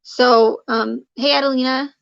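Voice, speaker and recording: Flat, gravelly woman chatting on a stream. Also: sits high, measured pace, no echo, highs cut off. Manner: rambling, many fillers and restarts, greets chatters by name. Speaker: live streamer. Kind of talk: casual livestream chat to viewers.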